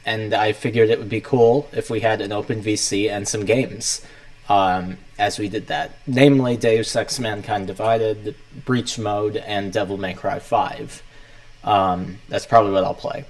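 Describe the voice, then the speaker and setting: A man's voice: lowish voice, steady tone, measured pace, a little mellow, rough recording. A young man hosting a casual livestream, rambling loosely as he talks himself through setting things up.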